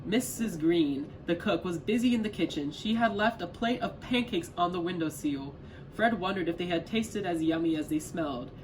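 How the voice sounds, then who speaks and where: A young man reading a children's picture book aloud with careful, even delivery and the odd small stumble. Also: high-pitched, moderate pace, slight background noise, rough recording. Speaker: volunteer reader.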